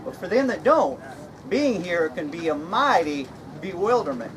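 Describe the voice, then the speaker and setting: A man's voice: high voice, big pitch swings, moderate pace. A man playing a folksy Straw Hatter. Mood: jokey. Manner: folksy, chuckles at his own jokes. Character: jovial folksy male Straw Hatter, slightly mad. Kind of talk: outdoor live stage comedy skit. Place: outdoor reenactment event. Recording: outdoor crowd and noise.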